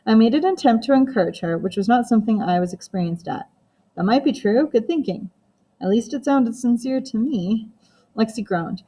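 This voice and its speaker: A woman narrating an audiobook in first person, with steady, even storytelling. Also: fairly high pitch, normal speed.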